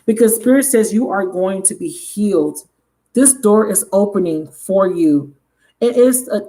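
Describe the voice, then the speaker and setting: Excitable, swearing woman tarot reader. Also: mid-range voice. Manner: excitable, emphatic, swears freely, addresses viewers directly. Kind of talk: casual tarot reading to camera.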